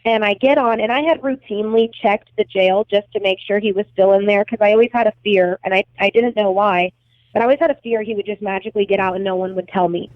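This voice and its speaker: A woman's voice: mid-range voice, quick pace, dry recording. A young adult woman recounting events as a podcast guest, blunt and agitated, swearing heavily. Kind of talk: emotional storytelling interview. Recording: tinny phone-like line, dry.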